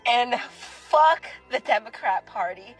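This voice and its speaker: Angry high-pitched woman cussing out politicians, faint music underneath. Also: expressive, a little slow, breathy edge, low-quality recording. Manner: furious, swearing, heartbroken. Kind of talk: angry social media rant.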